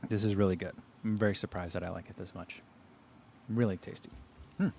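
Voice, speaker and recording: A man's voice: low voice, a little fast, creaky, a little hiss or hum. A man in his thirties hosting a running livestream, chatting casually and sometimes talking with his mouth full. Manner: relaxed, chatty, talks while chewing. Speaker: running channel host. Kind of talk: casual livestream food tasting.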